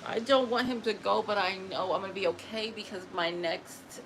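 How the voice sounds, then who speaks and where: A woman talking casually and emotionally to camera, often pausing to address an unseen spirit, with quick restarts and repeated words. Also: mid-range voice. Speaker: spiritual vlogger. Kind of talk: casual personal talk to camera. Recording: noticeable background noise.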